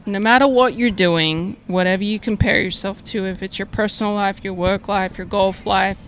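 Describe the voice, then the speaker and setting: A woman's voice: medium pitch, steady tone, normal speed, fairly bright tone, slight background noise. An easygoing Australian woman, a golf instructor, chatting encouragingly in an interview outdoors at a golf range. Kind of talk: casual interview chat.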